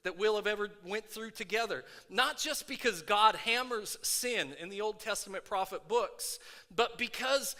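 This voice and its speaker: A middle-aged man preaching a sermon in a conversational way, with many fillers, going from quiet asides to shouting. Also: high-pitched, moderate pace. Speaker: pastor. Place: worship center. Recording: long hall reverb.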